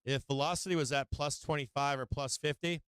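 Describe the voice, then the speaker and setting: A man's voice: on the high side, brisk, clear, resonant tone, no echo. A man hosting a live stock-trading stream, brash and profane, swinging between muttering and fired-up outbursts while he explains his trades. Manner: profane, brash, excitable trash talk. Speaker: livestream trading host. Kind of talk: live market commentary.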